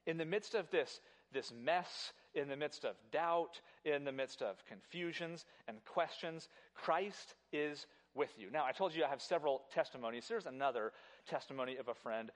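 Here a pastor with a slightly high male voice preaches at a church service, keeping a moderate pace. He is animated and emphatic, addresses the congregation directly, and repeats words frequently.

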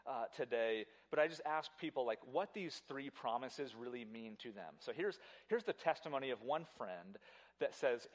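A man's mid-range voice carries an emphatic, animated sermon at a church service. As pastor, he repeats words often and talks straight to the congregation.

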